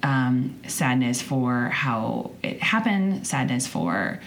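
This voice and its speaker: Woman in her twenties, really deep voice, rambling candid podcast talk, swears a bit, faint hiss behind her. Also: big pitch swings, takes it slowly, vocal fry. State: choked up. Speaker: podcast host. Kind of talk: personal monologue.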